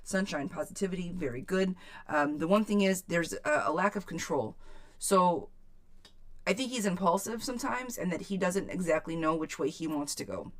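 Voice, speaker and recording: A woman's voice: on the low side, animated, normal speed. Chatty woman reading tarot live. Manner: chatty, frank, swears casually, calls viewers sweetheart. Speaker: tarot reader.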